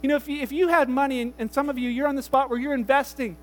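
Pastor guy with a really high voice, chatty animated sermon, tells it like a story. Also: fast talker, big-room sound. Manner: animated storytelling, acts out voices, casual asides. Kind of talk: conversational sermon.

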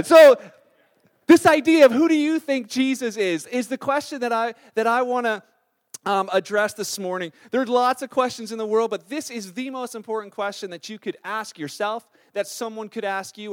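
A male pastor delivers a casual, story-driven sermon. His voice sits high for a man and sounds a little sore. He leans on fillers and chatty asides as he talks. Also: normal speed, clear, resonant tone. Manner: conversational, storytelling with many fillers. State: slightly sore voice.

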